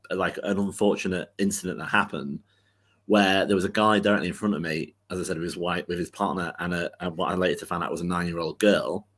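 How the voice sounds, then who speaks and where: A man's voice: low-pitched, fairly bright tone. A man co-hosting a football podcast, telling a long rambling anecdote in casual chat, full of fillers and restarts.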